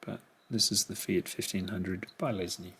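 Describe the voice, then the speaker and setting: Middle-aged man, low gravelly voice, slow and musing, home unboxing with crinkling packaging behind. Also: steady tone. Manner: quiet, musing, talks half to himself. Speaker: collector unboxing a haul. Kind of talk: casual unboxing commentary. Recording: rustling packaging noise behind.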